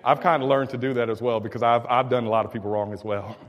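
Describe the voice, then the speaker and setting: A man's voice: mid-range voice, steady tone, fast, lo-fi sound. Man preaching in a reverberant hall. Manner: call-and-response preaching, builds to shouting. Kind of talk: sermon.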